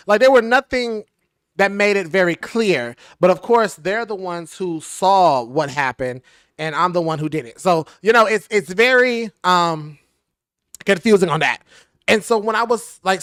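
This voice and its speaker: A young adult man, telling a rambling, animated storytime as a tarot channel host, recorded on a device mic while sitting on the floor at home. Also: high voice, smooth, no echo, clean studio sound. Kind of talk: casual storytime chat. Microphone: device mic at a distance, no clip-on mic.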